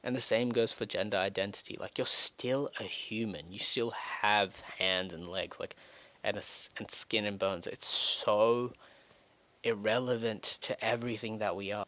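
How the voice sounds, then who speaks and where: A man's voice: lowish voice, fairly even intonation, moderate pace, fairly bright tone, no room sound. Frustrated teenage boy ranting. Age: teens. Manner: frustrated, rambling, breaks into rising outbursts and bitter laughs. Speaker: vlogger. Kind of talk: emotional rant to camera.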